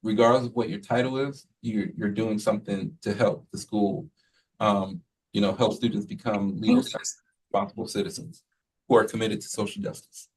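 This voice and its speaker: A man who leads a school, giving a relaxed, rambling report to the board, full of fillers and quoted asides. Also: fairly low pitch, normal speed, husky, recorded from a distance, poor audio. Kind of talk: casual spoken report at a meeting.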